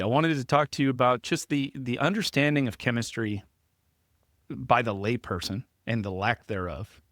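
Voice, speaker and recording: A man's voice: mid-range voice, fairly even intonation, normal speed, a bit bright, dry recording, clean studio sound. A man hosting a podcast in a chatty, self-deprecating way, often laughing as he talks. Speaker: podcast host. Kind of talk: casual podcast chat.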